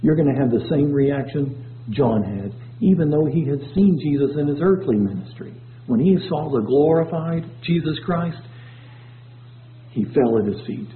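A man preaching a sermon, his voice surging up and dropping low as he reads scripture. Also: lively intonation, normal speed, slight background noise. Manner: preaching with sudden swells and drops in pitch. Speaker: pastor. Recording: tinny phone-like low-fi recording.

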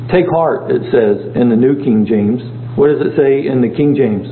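A man teaches a Bible study in a relaxed, conversational way, often turning questions back to his group. His voice sits in the middle range. The recording is thin and phone-like, with a roomy echo and a faint hum underneath. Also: mid-range voice, measured pace. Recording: echoey room, tinny phone-like sound, faint hum.

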